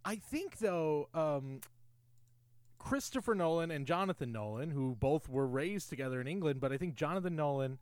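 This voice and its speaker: A man's voice: fairly high pitch, animated, normal speed, dry recording. A man co-hosting a podcast, enthusiastically recapping a film's plot and trivia in casual chat. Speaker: podcast co-host. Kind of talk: casual film discussion.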